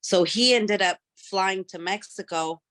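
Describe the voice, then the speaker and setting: A client speaks at a middle pitch, telling a family story with halting "like" and "um" fillers. The recording is dry and close. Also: fairly bright tone, dry recording. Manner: hesitant, many "like" and "um" fillers. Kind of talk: casual conversation.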